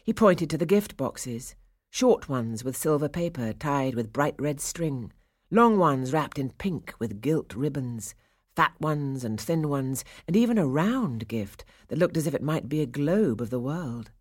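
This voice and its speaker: A woman narrating a storybook in an expressive, measured storytelling manner. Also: low voice, no echo, clean studio sound.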